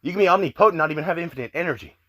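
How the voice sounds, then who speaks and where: A man's voice: fairly high pitch, rapid-fire, fairly bright tone. A young man ranting in exasperated online commentary, swearing often and filling his talk with "like". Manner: exasperated, swears a lot, many fillers. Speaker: commentary youtuber.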